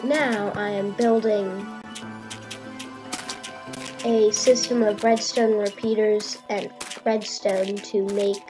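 A woman's voice: mid-range voice, level tone, slow, pauses often, music in the background, low-quality recording. A woman hosting a gaming channel, plainly explaining her build and answering her guest with dry comebacks. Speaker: channel host. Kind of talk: narrating a game build.

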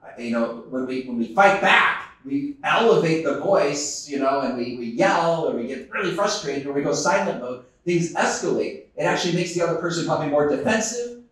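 Speaking at normal speed, this conference presenter has a somewhat high, animated, slightly bright voice. His earnest story to the live audience is punctuated by frequent laughter and restarted sentences, captured from afar in an echoey, large hall.

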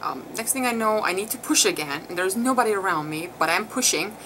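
In a casual vlog, a woman shares the story of giving birth with her viewers, talking fairly quickly in an animated, mid-range voice. Her telling is chatty, emotional, and full of fillers, with background noise clearly audible.

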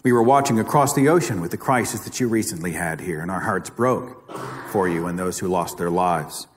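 A man's voice: low-pitched, brisk, a little hiss or hum. A man with an Oklahoma accent giving a live public talk, emphatic and dramatic, repeating phrases for effect. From Oklahoma, USA. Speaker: guest speaker. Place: lecture hall. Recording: reverberant hall recording.

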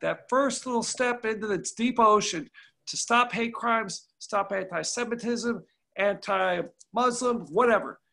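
A man's voice: high voice, a little slow, vocal fry, bright, forceful tone. A man, a congressman, speaking in a folksy, emphatic way and telling stories over a video call. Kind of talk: remote panel discussion.

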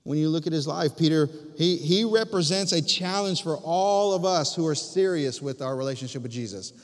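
A man's voice: on the high side, normal speed. Man preaching in a reverberant church. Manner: emphatic preaching with many restarts and dramatic drops to near-whispers. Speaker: pastor. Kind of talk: sermon. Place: church sanctuary. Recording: long reverb of a church hall.

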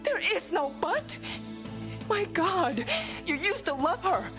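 Soap-opera mother defending her daughter, impassioned and high, over a music bed. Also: big pitch swings, slow, full character voice. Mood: outraged. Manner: impassioned, pleading then furious. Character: fierce devoted immigrant mother, middle-aged woman. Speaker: housekeeper and mother.

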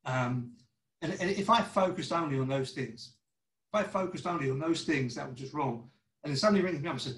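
A man's voice: on the high side, brisk, fairly bright tone, echoey room, rough recording. A man giving an informal sermon over a video call, chatty, acting out little dialogues and often restarting his words. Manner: conversational, acts out little dialogues, stammering restarts. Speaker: church teacher.

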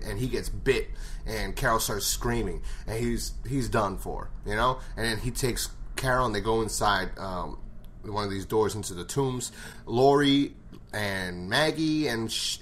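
A man's voice: medium pitch, fairly bright tone, a little hiss or hum. Blunt, profane man recapping a show. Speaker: show reviewer. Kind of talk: casual episode recap.

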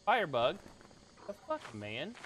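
A man streaming a game in casual chatter, excitable, swearing a lot and yelping the same words over and over. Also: fairly high pitch, unhurried, background noise. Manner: excitable, swears a lot, yelps and repeats himself.

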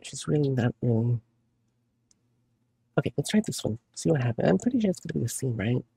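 A man's voice: medium pitch, very animated, brisk, vocal fry, mellow, husky, dry recording, clean studio sound. A man streaming a story game, casually commenting and reading the game's text aloud.

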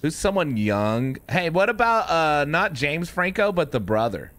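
A laid-back man streams a game with casual, rambling commentary, and his pitch swings lively up and down. Game noise is clearly audible behind him. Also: unhurried. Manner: laid-back, rambling, says dude a lot. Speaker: gamer streamer.

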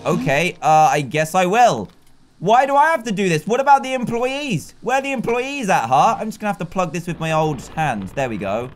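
High-voiced, excitable gaming commentator. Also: male voice, brisk, soft background music. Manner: excitable, laughing, talks to himself about the game. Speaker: gaming YouTuber. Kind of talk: let's play commentary.

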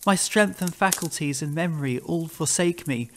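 A man's voice: fairly high pitch, moderate pace, lightly acted. A man voicing a haunted, terrified captain in a dramatic reading of a classic ghost story, pleading desperately and breaking into frantic cries. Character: haunted, terrified middle-aged male captain.

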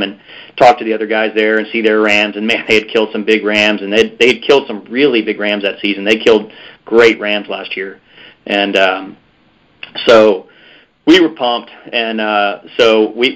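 A man's voice: on the low side, fairly bright tone, highs cut off. A man guest on a podcast, telling a story in a rambling way with lots of fillers and restarts. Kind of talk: casual storytelling interview.

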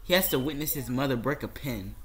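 A woman's voice: rumbling low, animated, fast, breathy edge. A woman recording bloopers for a home-made audio drama, laughing and bossily restarting takes. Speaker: amateur voice actor.

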